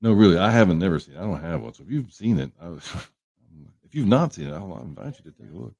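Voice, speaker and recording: Livestream host, male, very low gravelly voice, dark tone, rambling and joking with chat. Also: big pitch swings, quick pace, dry recording. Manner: rambling, joking, greets viewers by name. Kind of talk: casual chat with viewers. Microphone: headphones on a livestream setup.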